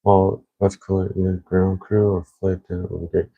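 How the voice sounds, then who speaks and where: A man's voice: low-pitched, flat delivery, a little fast, vocal fry, no room sound, narrow, tinny audio. A young man chatting casually, rambling with lots of fillers. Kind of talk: casual chat.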